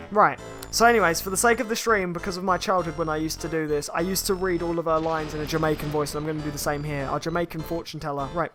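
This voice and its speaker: A game streamer giving chatty, rambling gameplay commentary that bursts into excited shouts. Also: medium pitch, fast talker, hardly any pauses, music in the background.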